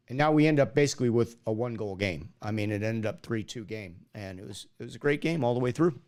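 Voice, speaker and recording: A man's voice: mid-range voice, lively intonation, quick pace, few pauses, a little mellow. A man hosting a hockey officiating talk show, chatting casually with stumbling restarts and teasing. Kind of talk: casual chat on a live stream.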